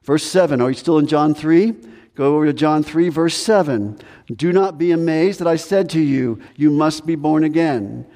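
A man preaches a sermon from the pulpit, hammering points home through repetition and drawn-out pauses. His voice is mellow and a little higher than most men's. The sound rings with the long reverb of a church sanctuary. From United States. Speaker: pastor.

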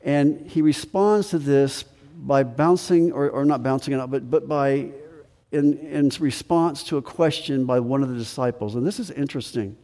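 Mellow-voiced man preaching in a hall. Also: medium pitch, normal speed. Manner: preaching, repeats key phrases, asks rhetorical questions. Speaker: pastor. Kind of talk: sermon.

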